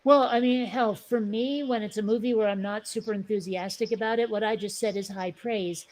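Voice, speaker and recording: A woman's voice: mid-range voice, steady tone, fairly quick, darkish tone, poor audio. A woman in casual podcast chat, blunt and opinionated, swearing for emphasis. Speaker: podcast panelist.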